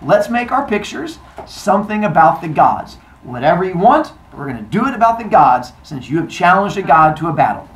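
A man's voice: sits high, sing-song, fairly quick, hardly any pauses, echoey room, poor audio. A man putting on a sassy proud goddess. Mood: commanding. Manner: sassy and theatrical. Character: proud woman goddess, haughty then sheepish.

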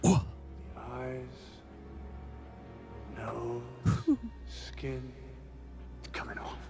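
A man's voice: medium pitch, expressive, very slow, vocal fry, exaggerated voice. An actor playing a sneering, gloating male master criminal in a film, with music under it.

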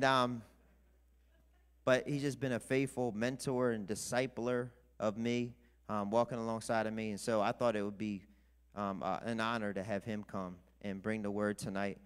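A man's voice: on the low side, level tone, moderate pace, clean tone. A man serving as pastor, introducing a guest speaker and praying, earnest and grateful. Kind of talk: introduction and prayer. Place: church.

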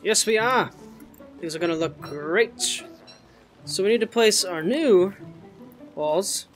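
A channel host giving casual gameplay commentary, excitable and jokey, swearing and talking to the game's creatures. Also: mid-range voice, slow, faint music behind.

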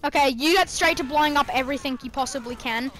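A young woman chats through a multiplayer game in a high voice, joking and swearing freely. Faint music plays underneath. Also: fast, a bit bright. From Australia. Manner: swears a lot, jokey. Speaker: gamer. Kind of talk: casual gaming chat.

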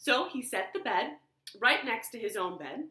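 A woman librarian telling a children's story at home in an expressive, animated way. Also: a little high, moderate pace. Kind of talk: storytime read-aloud. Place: living room. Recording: roomy living room echo.

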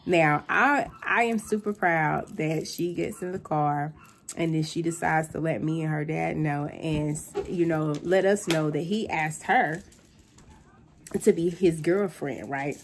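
A woman's voice: low-pitched, a little slow, slight background noise. A woman in her thirties, a vlogging mom telling funny family stories to the camera and often laughing. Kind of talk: casual storytelling to camera.

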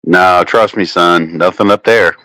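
He's a livestream host chatting casually from home, talking at a measured pace on an echo-free recording. His storytelling is crude and profane, marked by lively changes in pitch.

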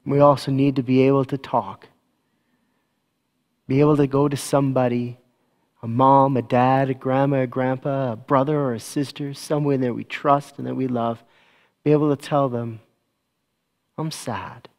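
Gentle-voiced pastor speaking slowly. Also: male voice, medium pitch, flat delivery. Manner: gentle, slow and soothing with children. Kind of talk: church service announcements and children's talk. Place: church.

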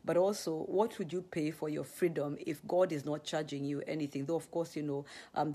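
Husky, low Kenyan woman, expressive. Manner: very expressive, gasping storyteller. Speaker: ministry leader. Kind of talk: casual live-stream chat.

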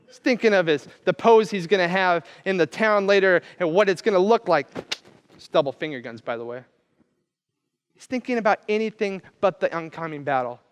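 Animated pastor in a reverberant church. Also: male voice, sits high, a little fast, clean tone. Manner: animated storytelling, acting out quoted voices. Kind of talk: sermon.

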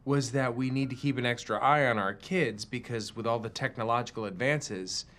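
A man's voice: mid-range voice, moderate pace, fairly bright tone, natural voice. An actor playing a father in his forties who unloads crude swearing tirades, then backpedals defensively. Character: fortyish father losing his temper, crude. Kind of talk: film comedy acting.

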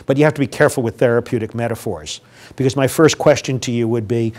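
A man's voice: medium pitch, fast talker, darkish tone. An older man giving a public lecture on grief to a live audience, speaking conversationally, asking the audience questions and acting out what grieving people say.

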